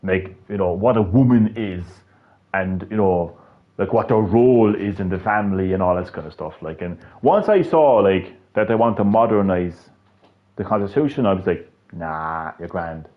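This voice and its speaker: Rambling sweary Irish man, low voice. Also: normal speed, narrow, tinny audio. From Ireland. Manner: rambling and sweary, many restarts. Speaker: gaming channel host. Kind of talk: casual livestream chat.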